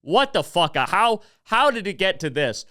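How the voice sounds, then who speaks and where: Brief: a blunt, swearing male podcast host on a heated rant, with a smooth, fairly high voice. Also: big pitch swings, measured pace, bright, forceful tone, no room sound, studio quality. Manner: heated, profane and blunt, with apologetic asides. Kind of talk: casual opinion rant.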